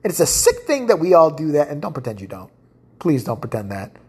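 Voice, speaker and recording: A woman's voice: sits low, big pitch swings, brisk, warm tone, husky. A woman hosting a solo podcast, ranting bluntly and profanely with lots of restarts. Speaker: podcast host. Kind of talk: casual solo podcast rant.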